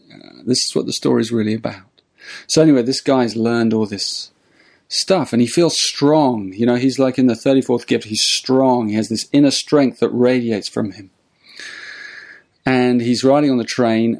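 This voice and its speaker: A man, a spiritual teacher, telling a story in a relaxed, meandering way with frequent restarts. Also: mid-range voice. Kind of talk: storytelling talk.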